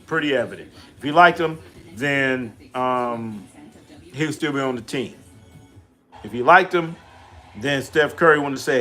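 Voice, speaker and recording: A man's voice: mid-range voice, measured pace, pushed and bright, faint music behind. A middle-aged man hosting a casual live stream, trash-talking, repeating himself and answering chat questions aloud.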